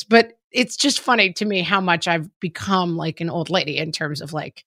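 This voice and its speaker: A woman's voice: on the high side, moderate pace, pushed and bright, dry recording. Chatty woman in her forties, dry sound. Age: 40s. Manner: chatty, laughing, frequent "like" fillers. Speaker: podcast co-host. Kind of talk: casual chat.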